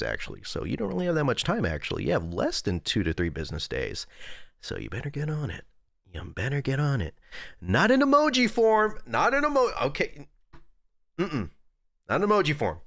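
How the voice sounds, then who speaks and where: A man's voice: lowish voice, sharp tone, dry recording, studio quality. A young man streamer in rambling, jokey casual chat with his viewers at a desk indoors.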